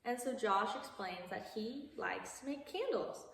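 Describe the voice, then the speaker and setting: A woman's voice: a little high, animated, a little slow, vocal fry, a bit bright, a little hiss or hum. A young woman casually recapping a movie plot, chatty with lots of asides and laughs. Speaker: video creator. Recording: echoey hall from far off.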